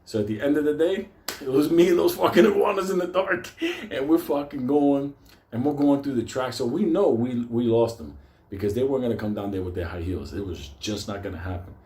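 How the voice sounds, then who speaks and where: Man, New York accent, swearing storyteller, mellow voice, echoey room. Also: medium pitch, a little fast. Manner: swears constantly, gets loud and animated at the scary parts. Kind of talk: profane comic storytelling.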